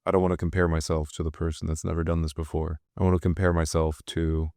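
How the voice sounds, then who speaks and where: Deep voiced guy, pretty monotone, chatting honestly on a podcast, dry close mic. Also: fast talker, no echo. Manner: thoughtful, candid, with soft laughs. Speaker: fighter and podcast host. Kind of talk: casual podcast conversation.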